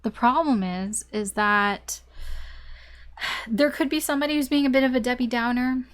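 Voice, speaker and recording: A woman's voice: fairly high pitch, moderate pace. Chatty woman giving a casual tarot reading. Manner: chatty, rambling, with fillers and mild swearing. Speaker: tarot reader.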